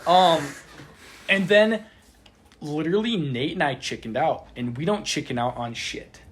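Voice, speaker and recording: A man's voice: fairly high pitch, a little slow. A young man hosting a casual podcast with friends, telling a story with lots of stammered repeats, recorded on a phone. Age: young adult. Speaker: podcast host telling stories. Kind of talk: casual chat among friends. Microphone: phone voice memo app.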